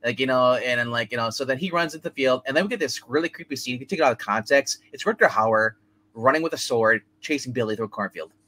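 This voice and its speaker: A man's voice: mid-range voice, quick pace, pushed and bright. A man hosting a movie review podcast, rambling through a plot recap with lots of fillers and laughs. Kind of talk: casual chat.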